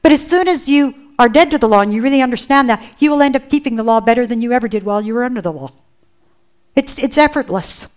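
Earnest woman preaching, fairly high voice. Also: animated, fast talker. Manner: earnest and emphatic, with rhetorical questions. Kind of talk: sermon.

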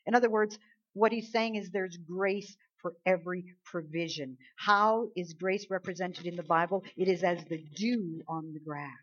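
A woman preaching a sermon, talking casually with the congregation and swinging between hushed and emphatic. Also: on the low side, fairly even intonation, normal speed, muffled recording.

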